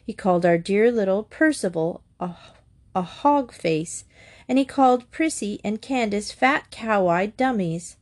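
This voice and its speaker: A woman's voice: mid-range voice, lively intonation, measured pace, darkish tone, lightly acted. A woman voicing a fussy, gossipy mother who clucks and talks primly. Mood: clucking. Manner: clucking, prim.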